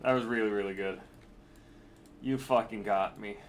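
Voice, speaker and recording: A man streaming live, chatting casually, excitable, laughing and swearing freely. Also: lowish voice, normal speed, slight background noise.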